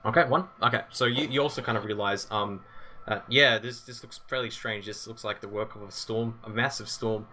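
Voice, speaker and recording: A man's voice: on the low side, fairly even intonation, brisk, bright, forceful tone, slight background noise. A man narrating a tabletop role-playing game as game master, hesitant and full of ums.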